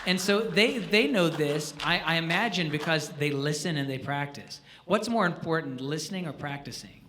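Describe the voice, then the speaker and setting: A man leading a live jazz clinic for students, animated and joking, often asking the audience questions. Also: fairly high pitch, moderate pace. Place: school auditorium.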